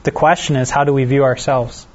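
A man leading a casual Bible study, reading scripture aloud and then explaining it in a relaxed, self-deprecating way while asking the group questions. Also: medium pitch, a little fast. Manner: asks the listeners questions. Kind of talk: conversational Bible teaching. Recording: dull lo-fi recording.

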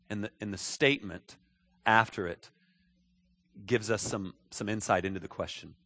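A man's voice: fairly low pitch, normal speed, long pauses, sharp tone. A male pastor preaching a sermon in a church, talking conversationally and repeating phrases as he checks in with his listeners. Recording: echoey hall.

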